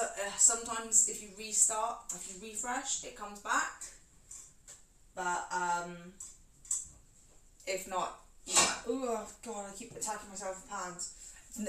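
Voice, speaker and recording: Moving about her kitchen, a woman streams herself cooking and keeps up self-mocking, chatty talk with her viewers. Her voice is mid-range and a bit bright, picked up from a distance in a roomy room with background noise.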